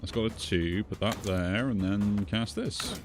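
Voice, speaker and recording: A man with a low, deep voice talks casually through a game he is playing. He thinks out loud, weighing each move as he goes. Soft game music plays faintly in the background. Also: sing-song, unhurried. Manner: musing, thinks aloud while playing. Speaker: gaming streamer. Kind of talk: casual gameplay commentary.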